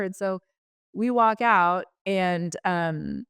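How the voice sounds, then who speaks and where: A woman's voice: medium pitch, steady tone, takes it slowly, smooth, dry recording, clean studio sound. A middle-aged woman, a podcast guest, telling a personal story frankly and chattily, acting out the dialogue she quotes.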